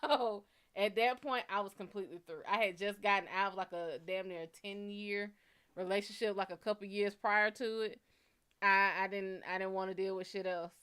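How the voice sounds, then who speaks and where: A woman talks in a smooth, clear voice at a middle pitch, telling a personal dating story in an open, unfiltered way. She swears freely and slips into quoted back-and-forth as she goes. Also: normal speed. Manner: candid, profane, animated storytelling with quoted dialogue. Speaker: psychic reader host. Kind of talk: casual storytelling.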